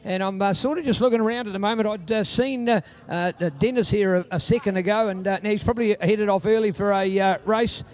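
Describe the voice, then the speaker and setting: A man's voice: sits high, fairly even intonation, a little fast, hardly any pauses, darkish tone. A man interviewing riders at a motorbike race, effusive and chummy, calling everyone mate. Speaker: trackside interviewer. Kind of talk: post-race podium interviews. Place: outdoor motorsport circuit.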